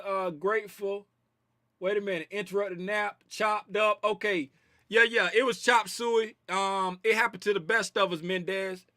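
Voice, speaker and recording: A man's voice: high-pitched, pushed and bright, no echo, clean studio sound. A man hosting a casual trading livestream, reading viewer comments in a loose, slangy way and repeating his phrases. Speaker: trading stream host.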